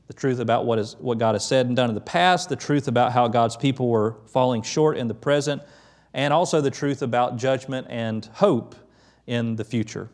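A middle-aged pastor giving a conversational sermon, quick to lift his voice when quoting the prophets. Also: mid-range voice, darkish tone.

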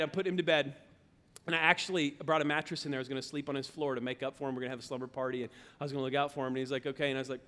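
Pastor, male, 30s; bright, forceful preaching voice, lively storyteller, long church reverb. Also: medium pitch. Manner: animated storytelling, shouting in retold anger, hushed in remorse. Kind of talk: sermon. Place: church sanctuary.

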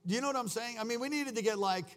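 A man's voice: very high-pitched, very fast, fairly bright tone. A man preaching a sermon, telling a rambling story full of fillers and restarts, then exhorting his congregation. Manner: rousing, exhorting. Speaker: pastor.

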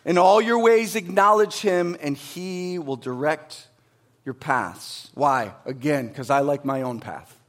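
High-pitched animated male pastor. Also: slow pace. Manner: animated preaching, swings from loud emphasis to hushed asides. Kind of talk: sermon.

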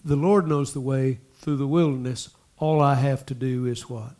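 A man preaching a sermon, talking to the congregation in asides and repeating lines as he builds to loud exhortation. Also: medium pitch, fairly even intonation, normal speed. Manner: impassioned, repetitive preaching that swells to loud exhortation. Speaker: pastor.

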